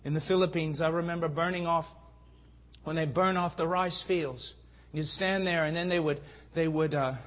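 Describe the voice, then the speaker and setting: A man's voice: on the high side, fairly even intonation, moderate pace. A man preaching a sermon with fervent delivery that rises to emphatic peaks. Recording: dull lo-fi sound.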